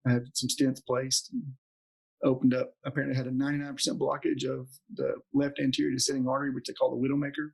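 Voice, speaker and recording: A man's voice: medium pitch, level tone, fast talker, creaky, a little mellow, husky, poor audio. A man in his forties, a doctor telling a story in an interview and acting out the quotes with animation. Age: 40s. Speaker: podcast guest, doctor.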